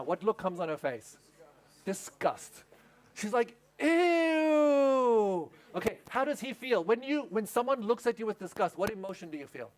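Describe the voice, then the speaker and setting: A male pastor with a high-pitched voice preaches at a camp meeting. He tells a story step by step and throws questions out to the congregation. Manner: storytelling, asks the audience questions. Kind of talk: sermon.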